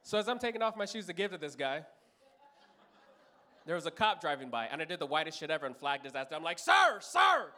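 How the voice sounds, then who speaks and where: A man's voice: fairly high pitch, fast, long pauses, fairly bright tone. A man from Los Angeles in his thirties telling a profane stand-up story on a comedy club stage, acting out other people's voices.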